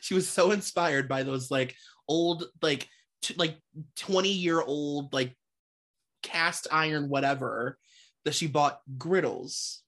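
A woman's voice: deep voice, slow, fairly bright tone. Chatty woman in casual gossip. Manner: chatty, laughs often, emphatic. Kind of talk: casual chat.

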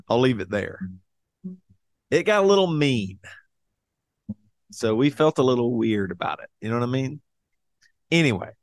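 A man's voice: medium pitch, lively intonation, slow pace, vocal fry, pauses often, no room sound. A man hosting a podcast, chatting casually with rambling, jokey asides. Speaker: podcast host and touring musician.

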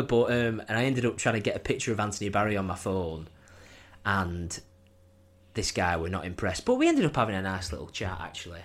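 A young man chats casually on a podcast, his voice sitting on the low side. He tells laughing, rowdy stories about football away days and says "were" where others say "was". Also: very animated, fast talker, a bit bright. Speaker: podcast co-host. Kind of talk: casual chat.

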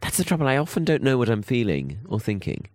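Teasing man with a lively voice. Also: medium pitch, quick pace, no echo. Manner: dry, teasing, wandering and hesitant. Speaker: podcast co-host. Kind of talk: casual chat.

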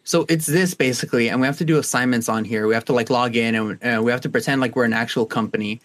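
A man's voice: mid-range voice, fast talker, fairly bright tone. A young man co-hosting a podcast, chatting casually and rambling with lots of fillers and restarts. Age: young adult. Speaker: podcast co-host. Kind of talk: casual chat.

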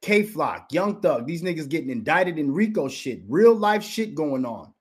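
A man's voice: fairly high pitch, sing-song, moderate pace, slightly rough. A man hosting a podcast, delivering a heated commentary rant full of rhetorical questions and repeating his rival's name for emphasis. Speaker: podcast host.

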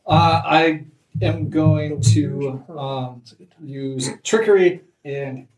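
A man's voice: a little high, fairly even intonation, very slow, echoey room, distant mic, over music, low-quality recording. A man playing a tabletop game, hesitant and casually swearing. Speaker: player.

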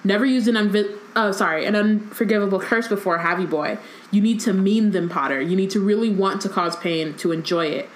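A woman reads out a cruel dark witch who sneers and taunts in a mid-pitched voice. The room adds an echo to her voice. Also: fairly quick, natural voice. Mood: taunting. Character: cruel gloating adult female dark witch.

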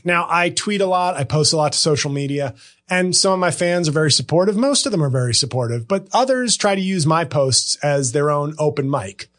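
A man's voice: on the high side, a bit bright. A comedian hosting his podcast, riffing sarcastically and rambling through hot takes. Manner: sarcastic, rambling, bursts into impressions.

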